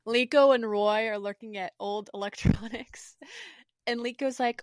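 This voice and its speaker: A woman's voice: a little high, fairly even intonation, measured pace, no echo, studio quality. A woman co-hosting a podcast, telling an episode's plot in casual, storytelling chat. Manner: storytelling, warmly recounting scenes. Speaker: podcast co-host.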